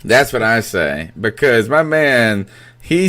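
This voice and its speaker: A man's voice: mid-range voice, lively intonation, slow, fairly bright tone. A man hosting a sports podcast, chatting casually, laughing, and taking calls. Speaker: podcast host.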